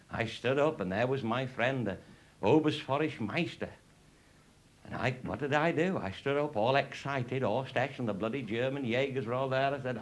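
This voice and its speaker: Salty rambling male storyteller. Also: mid-range voice. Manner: rambling, salty, swears constantly, laughs at own jokes. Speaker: raconteur. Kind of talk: comic anecdote telling.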